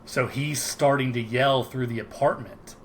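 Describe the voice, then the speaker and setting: A man co-hosting a casual podcast, rambling and restarting his sentences as he talks things through. His voice sits at an ordinary middle pitch. A faint noise hangs behind him on the video call. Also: fairly even intonation, unhurried. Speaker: podcast co-host. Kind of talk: casual chat.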